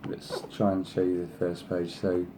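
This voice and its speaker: Over a noisy background, this man speaks in a monotone at a moderate pace as he shows off design samples for his craft video. He's effusive and rambling, saying "you know" often and lavishing praise on each piece, and he raises his voice higher to coax his pet. He's an adult with a sister past thirty, in a casual show-and-tell.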